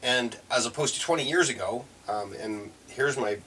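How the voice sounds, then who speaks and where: A man's voice: medium pitch, normal speed, sharp tone. A man talking casually to camera in a reflective vlog, rambling and correcting himself with frequent chuckles. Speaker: vlogger. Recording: mic a bit far, faint room noise.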